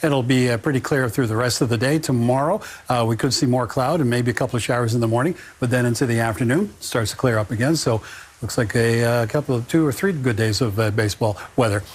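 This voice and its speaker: Male morning weather presenter, quick and chatty, with loose filler-laden delivery. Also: mid-range voice. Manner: casual, chatty, with frequent "uh" fillers. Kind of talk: live morning TV weather report.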